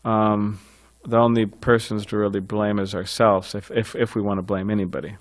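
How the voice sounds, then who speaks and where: A man's voice: lowish voice, little pitch movement, moderate pace. A man giving an informal scripture class, talking conversationally with frequent fillers and light chuckles.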